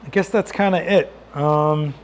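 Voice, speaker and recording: Fiddling with his lighting, a man runs a relaxed live Q&A as a photographer and responds to viewers. He speaks a little slowly in a fairly high voice that's tired, going hoarse, and on its way out.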